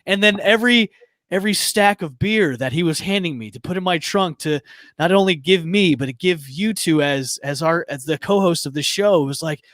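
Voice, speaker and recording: Excitable stammering male podcast host. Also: on the high side, moderate pace, dry recording, studio quality. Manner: excitable, rambling, stammering restarts. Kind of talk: casual podcast chat.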